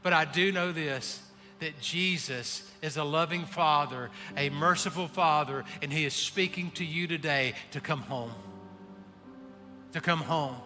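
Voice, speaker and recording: A man preaching a sermon, swinging between hushed pleading and impassioned calls. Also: a little high, a little slow, pauses often. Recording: reverberant hall with faint music. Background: faint music.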